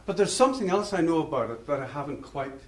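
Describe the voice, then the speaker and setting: A man's voice: on the high side, animated, fast talker, a little hiss or hum. A man giving a public lecture, telling stories in a discursive, anecdotal way and chuckling at his own tales. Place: lecture hall. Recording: roomy hall, mic far off.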